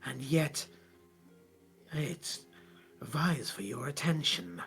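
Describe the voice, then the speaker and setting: A man voicing an ancient, cruel tentacled sea monster in a hoarse, breathy whisper, slow and taunting. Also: medium pitch, animated, fairly bright tone, soft background music, exaggerated voice. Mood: menacing whisper.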